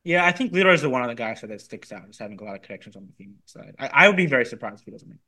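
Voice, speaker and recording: Guest man, rattles off fast takes, bright lively delivery, casual podcast chat. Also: mid-range voice. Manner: rapid, animated analysis.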